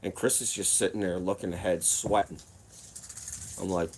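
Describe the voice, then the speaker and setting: Here a man with a deep voice shares a crazy personal tale in a relaxed way, speaking at normal speed with frequent pauses. He swears, wanders off track and acts out quotes with animation, and there's a slight hiss or hum in the audio.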